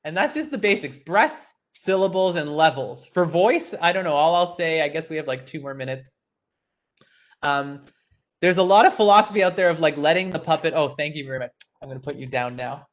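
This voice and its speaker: A young man teaching an online puppetry workshop, talking animatedly and breaking into quick puppet voices. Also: a little high, animated. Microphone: video call. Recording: dull lo-fi online call audio.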